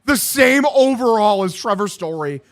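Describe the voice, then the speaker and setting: A man's voice: high voice, lively intonation, moderate pace. A young man streaming a baseball video game, calling plays like an announcer and ranting bluntly with lots of swearing. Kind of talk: casual gaming stream commentary.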